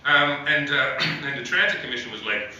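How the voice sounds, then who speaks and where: A man from Ottawa doing a stand-up comedy set in a comedy club, rambling through deadpan jokes with lots of fillers and chuckles. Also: mid-range voice, moderate pace, dull audio, slight background noise. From Ottawa, Canada. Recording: echoey club heard from a distance.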